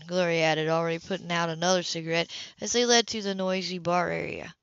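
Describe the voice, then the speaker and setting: A woman reading a novel aloud at an ordinary pitch, steady and plain. Her voice sounds close and dry, and the recording is a little dull. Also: fairly quick, hardly any pauses, clean tone, no room sound. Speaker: audiobook reader.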